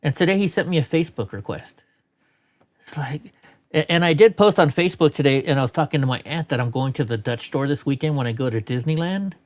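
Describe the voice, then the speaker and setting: A man's voice: fairly high pitch, quick pace. Rambling profane man streaming. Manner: rambling, profane, laughs a lot. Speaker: streamer host. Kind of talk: casual live-stream chat.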